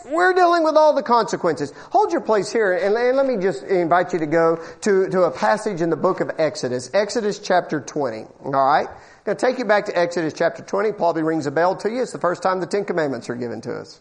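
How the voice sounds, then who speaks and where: A male preacher in full flow before a church congregation, his pitch leaping up and down as he drives each point home. He quizzes his listeners with call-and-response questions and stumbles over repeated words when he gets going. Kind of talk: evangelical sermon.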